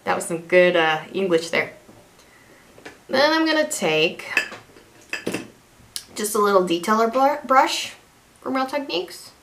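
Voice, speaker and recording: A woman's voice: medium pitch, sing-song, measured pace, long pauses, a bit bright, a little hiss or hum. A young woman chatting casually through a makeup tutorial as a beauty vlogger, rambling, self-deprecating and restarting her sentences.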